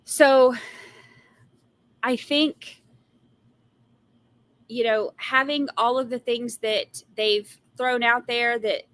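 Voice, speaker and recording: A woman's voice: a little high, fairly even intonation, drawn-out words, pauses often, fairly bright tone. Sassy, blunt woman ranting about a trial. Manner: exasperated sighs and rants. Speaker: trial commentary livestream host. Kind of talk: casual live commentary, reading viewer comments.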